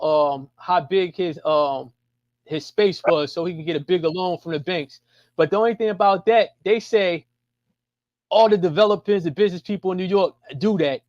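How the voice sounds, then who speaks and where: Male co-host, high voice, rambling slang-heavy chat, dull dry remote audio. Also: no echo. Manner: rambling, restarts often, casual slang. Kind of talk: casual political chat. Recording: muffled lo-fi call audio.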